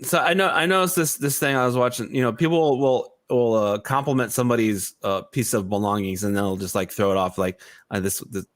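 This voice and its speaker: A man co-hosting a morning show, reading out odd news items and chatting, halting with many restarts. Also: medium pitch, fairly even intonation. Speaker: radio show co-host. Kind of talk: casual morning show banter.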